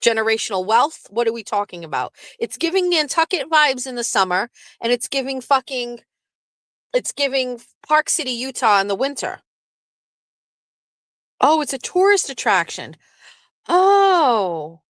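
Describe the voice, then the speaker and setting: A show host from southeastern Massachusetts chats in a casual, rambling way, her voice on the high side at a measured pace with no echo. She's lively, swears freely, and often breaks into laughs.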